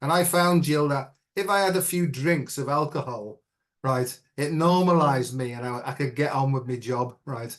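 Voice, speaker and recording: A man's voice: medium pitch, normal speed. A middle-aged man as an interview guest, telling a personal story in an earnest, reflective way and often checking in with "right?".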